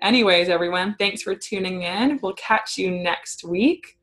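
A woman's voice: medium pitch, normal speed, a bit bright. Bubbly woman co-host, casual podcast banter, giggly and upbeat. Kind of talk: casual chat.

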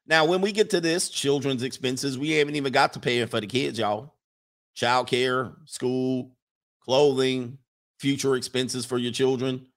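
A man's voice: mid-range voice, fairly even intonation, a little slow. A man hosting a livestream, lecturing viewers in an emphatic, mocking way and reeling off long lists. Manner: emphatic, preachy, list-making, mocking. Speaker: livestream host. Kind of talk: casual advice monologue to viewers.

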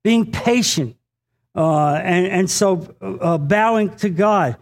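A male pastor with a noticeably high voice for a man delivers a sermon. He talks earnestly and directly to his congregation, often repeating a phrase for weight and pausing on small fillers. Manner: addresses the congregation directly, asks for an amen.

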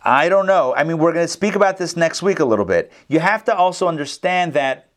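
A man teaching an online class, telling stories with lively acted-out voices over a video call. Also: a little high, brisk. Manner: animated storyteller, acts out the characters. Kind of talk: casual lecture with storytelling.

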